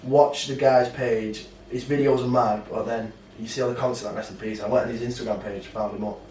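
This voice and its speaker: Man, podcast co-host, excited storytelling, roomy sound, distant mic. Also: mid-range voice, fairly quick, slight background noise. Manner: animated, swearing, acts out quotes in a raised voice. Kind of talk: casual chat.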